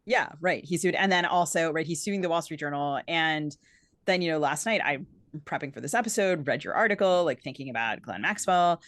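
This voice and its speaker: Low-voiced woman co-host, chatty. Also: lively intonation, a little fast, a bit bright, no room sound. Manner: chatty, with frequent filler "like". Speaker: podcast co-host. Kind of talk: casual interview chat.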